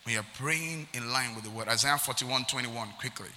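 A man's voice: medium pitch, normal speed, pushed and bright, long reverb tail, slight background noise. A male preacher, preaching emphatically and reading scripture aloud. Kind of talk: sermon.

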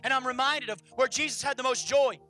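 A pastor preaching a sermon at a church service, animated and swinging between loud and hushed delivery. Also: high voice, fairly quick, faint music behind.

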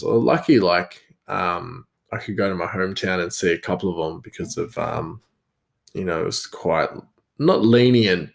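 A man with a slightly low voice tells a story from his own life. He rambles along casually, circling back with fillers and restarts.

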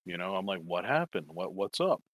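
A man's voice: deep voice, big pitch swings, brisk, no echo. A man telling a long story in casual chat, swearing and rambling, acting out quoted lines. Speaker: toy collector telling a story.

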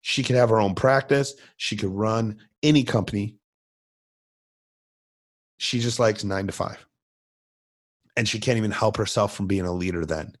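A man's voice: on the low side, moderate pace, pauses often. A middle-aged man, a coach hosting his own show, giving blunt motivational talk with lots of repetition and emphasis. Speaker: coach and podcast host.

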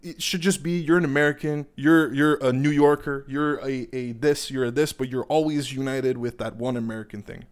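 A young man with a Canadian accent rants casually, swearing freely and wandering off on tangents. His pitch sits in the middle range, and he talks in a worked-up, conversational way. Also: fairly even intonation, normal speed, few pauses, clear, resonant tone. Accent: Canadian English. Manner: profane, rambling, heated, digresses often. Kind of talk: casual political rant.

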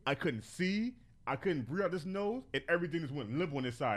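A man in casual podcast chat, telling profane stories with lively acted-out quotes. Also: a little high, fairly quick, no room sound. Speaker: podcast co-host.

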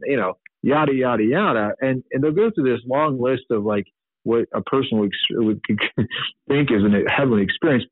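A man's voice: mid-range voice, breathy edge, dry recording. A man hosting a Catholic teaching podcast, speaking earnestly off the cuff with many fillers and restarts. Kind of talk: unscripted teaching commentary. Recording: dry, phone-like sound.

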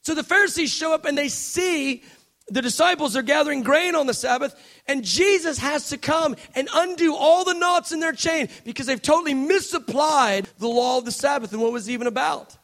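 A male preacher delivers a passionate sermon. His voice sits very high for a man. He moves between soft, hushed passages and loud, shouted emphasis. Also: a little fast.

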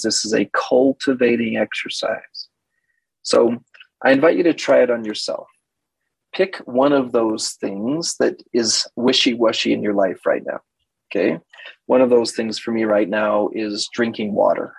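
A man's voice: mid-range voice, normal speed, creaky, breathy edge, no room sound, rough recording. A man in his fifties, a therapist, giving a teaching talk and animatedly acting out quoted exchanges. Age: 50s. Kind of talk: teaching talk with acted-out dialogues.

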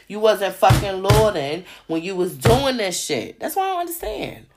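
A woman's voice: sits low, lively intonation, moderate pace, hardly any pauses. A woman host delivering a heated, profane monologue on her podcast, hammering rhetorical questions. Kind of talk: ranting monologue.

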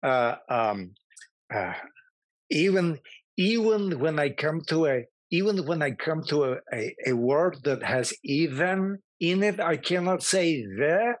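Middle-aged male guest, animated anecdotal storyteller, dry recording. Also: fairly high pitch, takes it slowly, no echo. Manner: animated, self-amused anecdotes. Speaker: actor, podcast guest. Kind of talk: casual interview storytelling.

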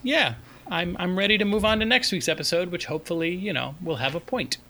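A man co-hosting a casual podcast, giving wry, good-natured criticism in a relaxed way. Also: sits high, brisk. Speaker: podcast co-host.

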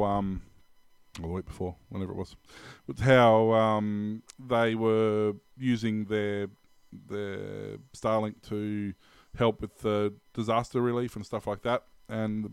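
Man, smooth clear voice, dry close sound, rambling podcast co-host, lots of ums. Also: on the low side, fairly even intonation, measured pace, dry recording. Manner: rambling, hesitant, laughs often. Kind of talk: casual tech news chat.

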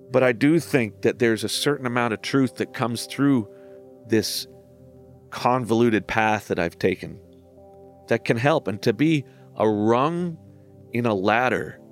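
This is a mid-range male voice belonging to someone in his forties who reflects on the songs he wrote, podcast-style. He talks frankly, pokes fun at himself, and drops the odd swear word.

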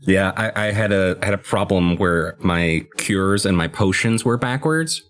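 A young man with a very low voice in relaxed podcast chat about a game. He talks through strategy in long, rambling sentences. His delivery is easygoing and conversational. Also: a little slow. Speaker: podcast co-host.

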